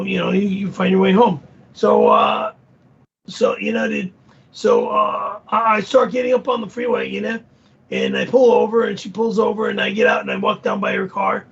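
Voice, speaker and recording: A man voicing a laid-back surfer dude who rambles and stammers, with a gravelly, husky voice. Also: extremely high pitch, fairly quick, dull audio, heavily acted. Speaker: show regular.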